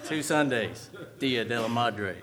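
A man leading a church service, making relaxed, joking announcements before calling out the hymn numbers. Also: mid-range voice, a little slow, a loud crowd. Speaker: worship leader. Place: church sanctuary.

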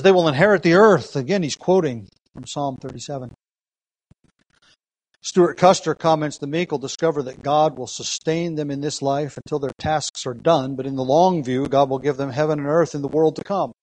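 A man's voice: medium pitch, a little mellow, no room sound, rough recording. A man preaching a sermon, teaching earnestly with rhetorical questions and emphatic repetition, reading scripture aloud. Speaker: pastor.

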